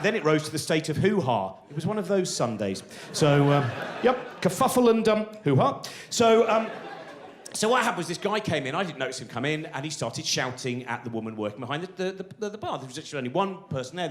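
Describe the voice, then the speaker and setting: A man's voice: fairly high pitch, a bit bright. A man in his forties telling a rambling, self-deprecating stand-up story full of restarts and asides. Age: 40s. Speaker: stand-up comedian.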